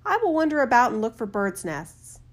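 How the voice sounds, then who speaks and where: A quick-witted young man who answers a giant without fear, bright and lifted in tone, as a woman reads him. Storybook telling, brisk and sure of himself. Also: very animated. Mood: bold. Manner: brisk, higher, fearless. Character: bold, clever young male student. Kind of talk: storybook reading.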